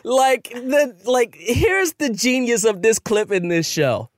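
A man's voice: extremely high pitch, slow pace. A man co-hosting a podcast, casual chat, arguing his point with lots of laughing and swearing. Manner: animated, laughing, profane, argumentative. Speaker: podcast co-host.

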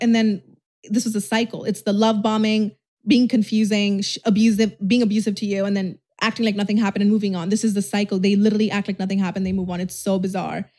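Speaking quickly in a mid-range, slightly mellow voice with fairly even intonation, a young woman recounts something personal for her YouTube vlog. She rambles openly, says "like" constantly, restarts sentences often, and curses in a casual way.

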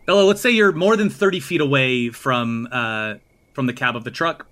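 A man running a tabletop game as game master, theatrical and prone to sudden loud outbursts. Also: medium pitch, moderate pace. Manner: theatrical, swings from calm to shouting.

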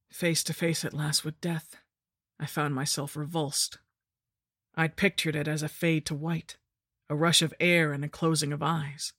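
A woman narrating a horror story in the first person, with a measured, grim delivery. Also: low voice, flat delivery, fairly bright tone, no room sound, clean studio sound. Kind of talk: scripted narration.

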